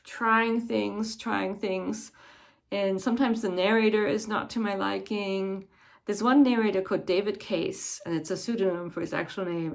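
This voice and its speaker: A woman chatting casually as a book vlogger, in a thoughtful, digressive way. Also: mid-range voice. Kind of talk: casual chat.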